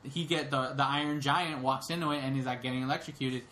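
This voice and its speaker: Rambling young man, bright voice. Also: medium pitch, steady tone, fast, a little hiss or hum. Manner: rambling, many "like" fillers and restarts. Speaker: podcast co-host. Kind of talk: casual chat, retelling a movie.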